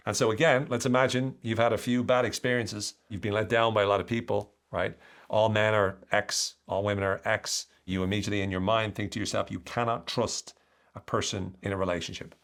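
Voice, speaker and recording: A man with an Irish accent talks through his ideas on a solo podcast. His voice sits low, and he explains in an animated, lively way. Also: a little fast. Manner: explanatory, animated, acts out quoted lines. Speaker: podcast host.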